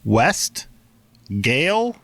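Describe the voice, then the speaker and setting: A man's voice: on the high side, sing-song, extremely slow, gravelly, a bit bright. Playful quizzing podcast man. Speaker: podcast co-host. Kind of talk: casual chat.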